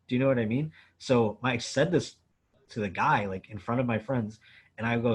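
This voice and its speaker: A male comedian out of Buffalo, New York shares a story as a Q&A guest, relaxed yet lively, with frequent swearing and a habit of saying "like." He talks at medium pitch and a moderate pace, with a breathy edge.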